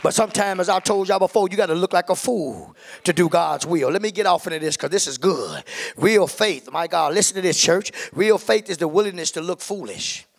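A male pastor preaching a sermon in church, calling out "my God" and "come on, somebody" and building into drawn-out shouts. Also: high voice, gravelly. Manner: climbs into fervent, drawn-out shouting at the peaks.

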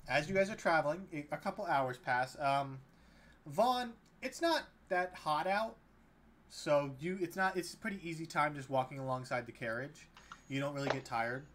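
A young man running a tabletop game as game master, narrating in a relaxed, halting way with many fillers. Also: a little high, a little hiss or hum.

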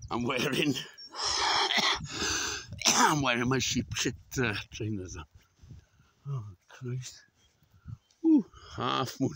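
The speaker is a Welsh vlogger in his sixties, out of breath on an outdoor hillside, giving casual commentary as he walks. His medium-pitched voice is husky, pushed, and bright, and he's very animated, drawing out words, pausing a lot, exclaiming, and swearing often.

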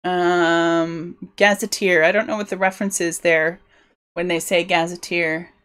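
A woman's voice: lowish voice, fairly even intonation, unhurried, fairly bright tone, smooth. A woman live-streaming as she builds a tabletop game world, musing aloud in a rambling, self-interrupting way. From United Kingdom. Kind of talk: casual thinking-aloud livestream.

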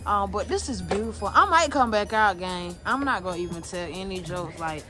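A woman's voice: mid-range voice, lively intonation, brisk, music in the background. A woman co-hosting a family vlog, chatting enthusiastically to viewers outdoors in falling snow. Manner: enthusiastic, repeats phrases to viewers. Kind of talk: casual chat to camera.

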